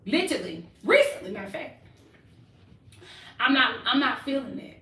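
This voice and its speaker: Outspoken middle-aged woman, bright high voice, echoey room, distant mic. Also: very animated, moderate pace. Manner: outspoken, loud and blunt, laughs often. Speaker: host. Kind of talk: casual family chat.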